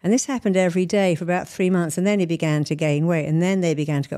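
A woman's voice: fairly low pitch, quick pace, few pauses, mellow. A middle-aged woman therapist answering interview questions, explaining her method through examples and analogies. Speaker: therapist and hypnotist guest.

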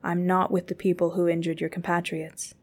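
A woman voicing a calm, polite male agent who speaks in a measured, formal way in an audiobook. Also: fairly low pitch, slightly rough.

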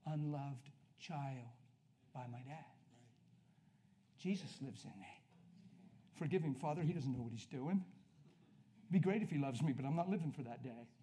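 High-voiced preacher man telling a story. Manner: storytelling preacher, swings from hushed to loud. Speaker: pastor. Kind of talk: sermon.

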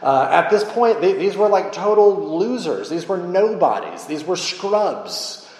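A man preaching a sermon as a pastor, in an animated, humorous and conversational way. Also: high-pitched, a little slow. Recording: echoey hall reverb.

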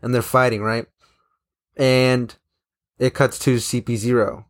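A man's voice: medium pitch, level tone, a little slow, pauses often. A man casually recapping a comic chapter, rambling with lots of fillers and restarts. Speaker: manga chapter reviewer. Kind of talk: casual recap, reading quotes aloud.

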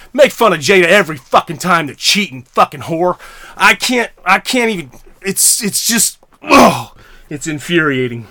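A man's voice: high voice, big pitch swings, normal speed, sharp tone, dry recording. A middle-aged man hosting a podcast, ranting angrily with heavy swearing and stammering restarts. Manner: profane, heated, stammering restarts. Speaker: podcast host. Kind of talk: angry solo rant.

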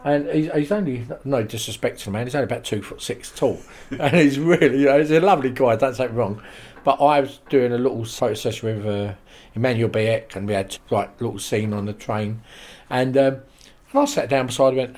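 Lively man telling stories. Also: mid-range voice, a little fast. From England. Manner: animated anecdotes with quoted voices and laughs. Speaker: interview guest. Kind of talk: casual storytelling.

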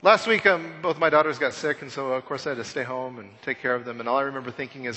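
A man in his thirties preaching a conversational Easter sermon, telling self-deprecating stories and swinging between loud and hushed. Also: mid-range voice, fast, hardly any pauses. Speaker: pastor. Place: church sanctuary. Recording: long church hall reverb.

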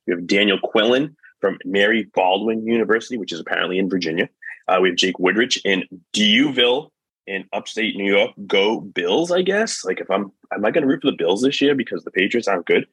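A man's voice: fairly low pitch, animated, fairly quick, a bit bright, breathy edge, no echo, low-quality recording. A man on a podcast panel, joking and laid-back as he introduces the students. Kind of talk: casual panel chat.

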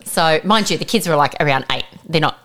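A woman co-hosts a relaxed podcast about travelling with kids. Her voice sits a little low, and she tells stories in an animated way, laughing often. The talk is loose and chatty. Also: a little fast, heavy background noise. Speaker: podcast co-host. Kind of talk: casual chat.

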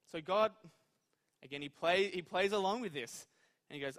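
A man's voice: high voice, expressive, normal speed, long pauses, fairly bright tone. A man preaching a conversational sermon in a church hall, talking informally and putting questions to his audience. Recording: long hall reverb.

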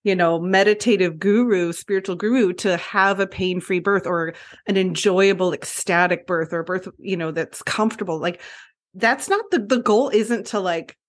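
A woman of ordinary pitch, a guest on a podcast, talking in long earnest runs. Her words keep flowing, and "like" shows up often as a filler. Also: normal speed. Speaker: guest, birth educator. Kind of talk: podcast interview talk.

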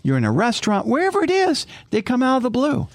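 A man's voice: very high-pitched, wildly swooping pitch, fast talker, no echo. Male co-host, preacherly exhortation, wide swooping intonation, dry sound. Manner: exhorting, rising emphatic questions. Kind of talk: faith-sharing conversation.

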